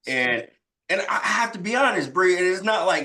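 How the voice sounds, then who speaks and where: A man co-hosting a podcast in casual chat, talking in an animated, hyped and slangy way. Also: high-pitched, normal speed. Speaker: podcast co-host.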